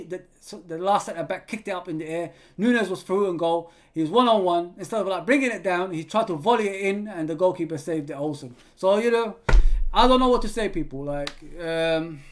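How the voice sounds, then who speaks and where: Excitable high-voiced man commentating a match. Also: fairly quick, hardly any pauses. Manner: excitable, yells at players, chatty asides. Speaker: fan channel host reading live chat. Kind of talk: live match watch-along commentary.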